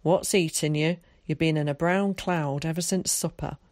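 Woman voicing a gruff old countryman. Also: low voice, fairly even intonation, no room sound, close to an everyday voice. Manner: slow, plain, gently gruff. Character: gruff, kindly old countryman, slow-spoken.

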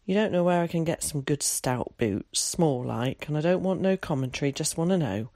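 A reader voicing a gruff, kind old countryman who speaks tersely in rural dialect, in an audiobook. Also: medium pitch, lively intonation, moderate pace, darkish tone, no room sound, clean studio sound, natural voice. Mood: curt. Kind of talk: audiobook character voice.

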